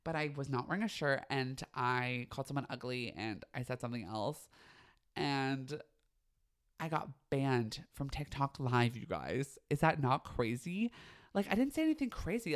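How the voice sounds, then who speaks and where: Young male podcast host, campy and theatrical, gossipy, foul-mouthed, mid-pitched voice. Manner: campy, dramatic, gossipy, swears freely. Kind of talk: casual solo podcast chat.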